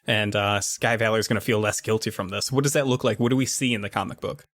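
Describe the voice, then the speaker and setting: A man's voice: on the low side, steady tone, fast talker, a bit bright, no echo, studio quality. A man running a tabletop game as game master, narrating scenes and prompting the player.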